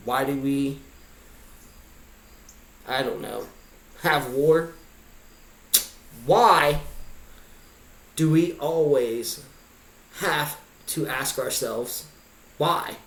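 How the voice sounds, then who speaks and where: A man vlogging a pondering monologue of rhetorical questions. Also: mid-range voice. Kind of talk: musing monologue. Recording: echoey room.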